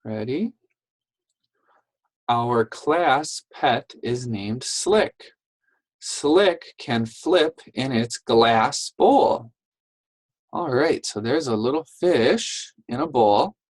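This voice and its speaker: A woman teaching a phonics lesson to young English learners, saying each word slowly and clearly and praising the children. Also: very deep voice, lively intonation, darkish tone, no room sound, low-quality recording. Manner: slow, clearly enunciated, encouraging classroom talk.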